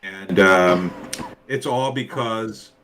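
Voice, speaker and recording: Chatty New Jersey man, bright voice. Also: fairly low pitch, extremely slow, slight background noise. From New Jersey, USA. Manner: rambling, chatty storyteller with many fillers. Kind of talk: casual chat.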